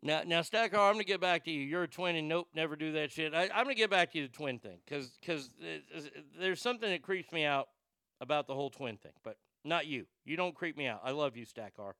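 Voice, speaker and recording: Male radio host, bright crisp tone, dry studio sound, animated crude rants full of restarts. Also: a little high, fast, no room sound. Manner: animated, stammering restarts, crude mocking asides. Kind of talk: ranting talk radio monologue.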